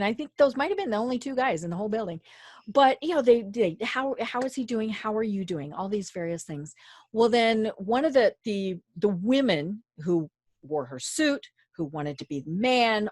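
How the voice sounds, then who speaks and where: A woman host chatting and telling a personal story, animated and quick to laugh. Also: medium pitch, no echo, clean studio sound. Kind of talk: conversational storytelling.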